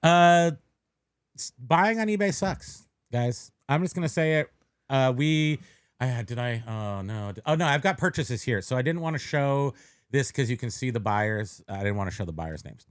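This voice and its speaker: A man's voice: medium pitch, expressive, normal speed, smooth, dry recording. Rambling, joking man with a dry sound. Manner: rambling, self-correcting, joking. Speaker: podcast co-host. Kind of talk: casual chat.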